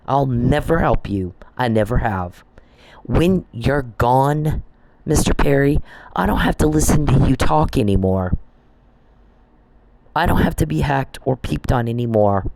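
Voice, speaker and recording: In a medium-pitched, creaky, slightly mellow voice with no echo, a vlogger unleashes a profanity-filled tirade. He aims it squarely at the people he blames and keeps restarting and repeating his phrases.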